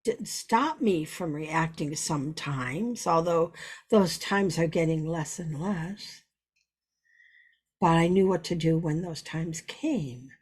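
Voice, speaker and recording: Slow, husky-voiced woman spiritual teacher. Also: on the low side, darkish tone. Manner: earnest, repetitive, storytelling.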